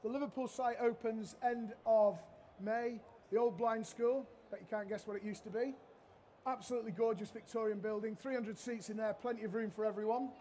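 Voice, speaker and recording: High-voiced cheeky chef. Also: male voice, steady tone, fairly quick, a little hiss or hum. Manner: cheeky, loud-mouthed joker. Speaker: chef giving a cooking demonstration. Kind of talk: live cooking demo with banter. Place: demo stage at a trade show.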